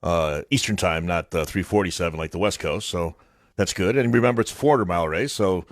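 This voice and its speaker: A man's voice: sits low, a little fast, no room sound. A man hosting a morning radio show, chatting casually with a teasing, dry sense of humor. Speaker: radio host.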